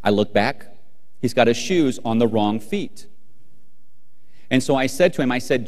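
A man's voice: medium pitch, unhurried, pauses often. A middle-aged man giving a humorous storytelling keynote to a live audience, acting out family scenes and talking directly to the crowd. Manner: animated, acts out family scenes, talks to the audience. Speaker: keynote speaker. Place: large hall with a live audience. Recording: long hall reverb.

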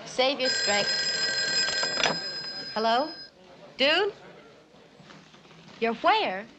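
A woman's voice: sits high, big pitch swings, extremely slow, heavy background noise, exaggerated voice. An actress playing a blunt, weary nightclub woman in a 1960s film.

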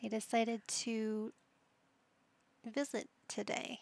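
A woman gives relaxed gameplay commentary, thinking aloud and chatting to herself as she plays. She talks slowly and takes her time, now and then dropping into a soft whisper. Her voice has a gravelly, creaky edge. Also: a little high. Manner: chatty, musing to herself, drops to a whisper at times. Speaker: gaming channel host.

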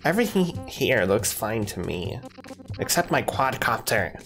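A streamer reading a defensive, self-pitying raccoon's lines from a video game in a near-everyday voice, with lively, sliding pitch. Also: moderate pace, faint music behind. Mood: whiny.

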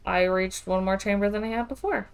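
A woman streaming a game from home, reacting aloud in casual, expressive commentary full of exclamations. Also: mid-range voice, a little fast, creaky, smooth, soft background music. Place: home with webcam.

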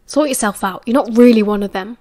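A woman with a British accent reading the lines of a tense young werewolf man in an audiobook, in terse, low-key replies. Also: brisk, mellow, natural voice. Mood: muttering.

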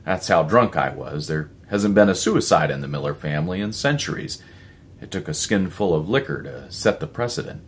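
A man's voice: low voice, lively intonation, normal speed, a little hiss or hum. A man doing a flustered, stammering young druggist. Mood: hesitant. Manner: faltering, hesitant, stammering.

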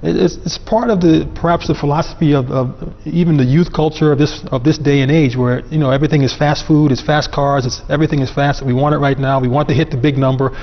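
A man's voice: a little high, steady tone, quick pace, few pauses. A man speaking as a guest on a panel, explaining religious ideas earnestly and with emphasis. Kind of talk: religious discussion. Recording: dull sound with long reverb.

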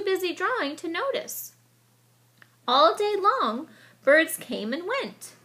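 Slow, bright woman reading a picture book. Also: extremely high pitch. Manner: slow, expressive storytelling. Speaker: children's book reader.

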